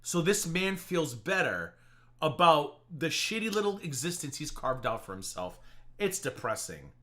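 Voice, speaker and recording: A mocking reaction streamer gives live commentary in a bright, ringing voice that jumps all over its range. The delivery is sarcastic and profane, with mock-tearful impressions thrown in. It sounds like a casual home streaming setup. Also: mid-range voice, very animated, a little slow.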